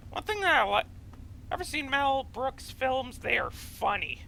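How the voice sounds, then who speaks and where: A man with a high, gravelly voice talks through a video game in a loose, rambling way, drifting from topic to topic. His tone is bright and forceful, and he takes his time with an unhurried pace. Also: big pitch swings, a little hiss or hum, low-quality recording. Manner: rambling, chatty, goes off on tangents. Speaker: let's play gamer. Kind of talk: casual gameplay commentary.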